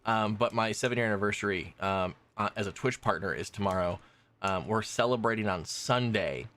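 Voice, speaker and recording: A man's voice: fairly low pitch, brisk, fairly bright tone. A young adult man streaming a game, chatting loosely with his viewers as he plays. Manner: chatty, rambling, talks to chat while playing. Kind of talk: casual gaming stream chat.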